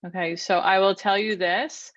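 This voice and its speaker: A woman therapist leading an online workshop, calmly guiding a breathing exercise and teaching, counting slowly and giving instructions. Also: mid-range voice, no room sound, lo-fi sound. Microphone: online video call.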